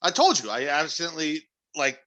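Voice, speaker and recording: A man with a bright, forceful voice co-hosting a podcast. He talks bluntly in casual chat and cracks crude jokes. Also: fairly high pitch, big pitch swings, fairly quick. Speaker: podcast co-host.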